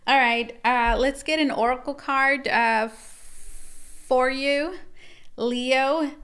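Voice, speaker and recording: A woman sits reading tarot cards for her viewers in a relaxed, rambling way, calling them guys and circling back over her points. Her voice is smooth and clear and sits a little high. She keeps a loose, conversational flow throughout. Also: extremely slow. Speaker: tarot reader. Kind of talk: casual tarot reading to camera.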